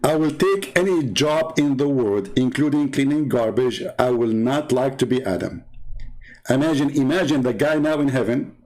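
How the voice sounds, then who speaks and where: With a slightly mellow mid-range voice at normal speed, a man with an Arabic accent hosts and rambles through a sarcastic, mocking story loaded with fillers. He's a native Arabic speaker from the Arab world and a Christian apologist.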